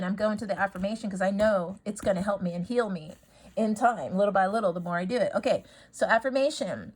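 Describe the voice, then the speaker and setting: A woman's voice: medium pitch, lively intonation, quick pace, breathy edge, rough recording. A woman talking casually about healing stones and affirmations, rambling and repeating herself for emphasis. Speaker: spiritual video host.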